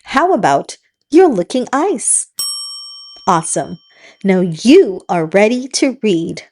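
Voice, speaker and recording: Slow sing-song woman reading to kids. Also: mid-range voice, big pitch swings, a little mellow, a little hiss or hum. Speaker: children's book reader and host. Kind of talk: read-aloud storytelling for kids.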